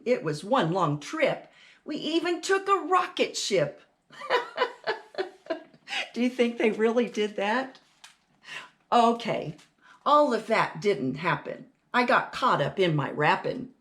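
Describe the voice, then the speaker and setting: Woman storytime host, reading picture book aloud, very animated, slow and clear, fairly high voice. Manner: animated, rhyming read-aloud with questions to kids.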